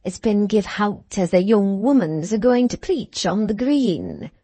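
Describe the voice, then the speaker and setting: Reading a classic novel aloud, a woman voices a pompous, chatty male village innkeeper who has a treble, wheezy voice and a mincing accent, deferential and saying "sir" often. Her own voice is medium-pitched and very animated, with a measured pace and a dark tone. There's no room sound.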